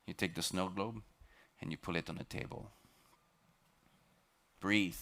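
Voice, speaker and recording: Expedition lecturer, male, French accent, deep voice, dramatic motivational storytelling with halting repeats. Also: fairly even intonation, creaky, fairly bright tone. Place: lecture on a cruise ship.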